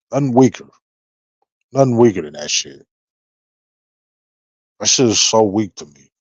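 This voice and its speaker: A man's voice: lowish voice, no echo, low-quality recording. Profane, confrontational man ranting. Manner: profane, confrontational, repeats and restarts words. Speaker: YouTuber. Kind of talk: unscripted freestyle rant.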